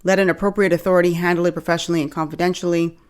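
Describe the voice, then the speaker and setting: A young woman from the Bahamas chatting casually to camera as a video host, animated and joking, calling her viewers y'all. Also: on the low side, racing, smooth.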